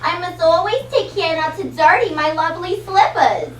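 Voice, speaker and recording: A woman's voice: very high-pitched, moderate pace. A teenage girl voicing a dainty, vain young princess in a puppet play, prim and fussy. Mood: prissy. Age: teens. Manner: prim, fussy and self-admiring. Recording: roomy hall from far off, noisy.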